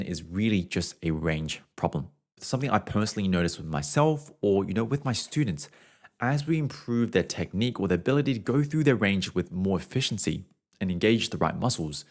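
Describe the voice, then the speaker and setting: A man's voice: deep voice, a little mellow. A young adult man, a voice teacher, explaining singing technique in a casual way and showing it with hums and short scales.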